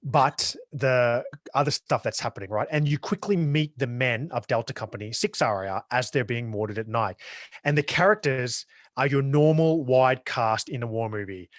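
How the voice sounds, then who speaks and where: A man's voice: mid-range voice, moderate pace, dry recording, clean studio sound. An Australian man co-hosting a podcast, chatting casually and enthusiastically about a war film, often restarting his sentences. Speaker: podcast co-host. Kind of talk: casual film review chat.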